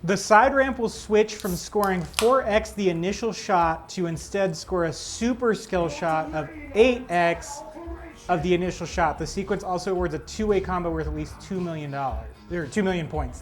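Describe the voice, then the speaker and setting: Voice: medium pitch, moderate pace. A co-host reading game rules aloud in a dry, joking way. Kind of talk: casual chat. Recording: music playing behind.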